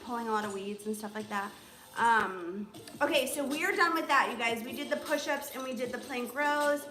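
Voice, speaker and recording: A woman's voice: a little high, pushed and bright. A young woman leading a live home workout as a fitness instructor, chatty and full of "um" and "like.". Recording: echoey room with music playing. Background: music.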